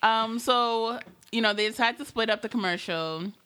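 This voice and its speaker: A woman's voice: on the high side, moderate pace, pushed and bright. A woman co-hosting a casual recap podcast, retelling the plot in a loose, chatty way full of fillers. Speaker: podcast co-host.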